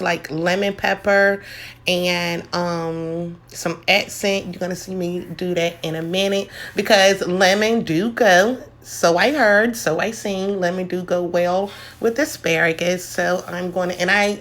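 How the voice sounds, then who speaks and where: Middle-aged woman, gravelly tone, folksy chatty home cook. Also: lowish voice, a bit bright. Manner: chatty, folksy, addresses viewers as y'all. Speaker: home cooking vlogger. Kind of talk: casual cooking demonstration.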